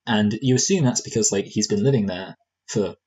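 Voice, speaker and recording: A man with a low, husky voice talks through a film in a relaxed podcast chat. He wanders off on tangents, cracks dry jokes and restarts his sentences often. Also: brisk, poor audio. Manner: rambling, joking, many fillers and restarts. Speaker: movie review podcast co-host. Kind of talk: casual conversational review.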